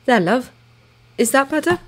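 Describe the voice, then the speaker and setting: A woman voicing a tender, protective shapeshifter girl who speaks softly and calmly. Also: high-pitched, normal speed, voice pushed up. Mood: soothing. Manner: soft, soothing, calm.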